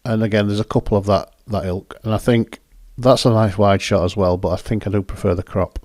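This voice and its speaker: His voice on the low side and a little mellow, the host moves a little fast in a steady tone while commenting casually on his photos. He's chatty and rambling and keeps correcting himself, captured at studio quality with no room sound.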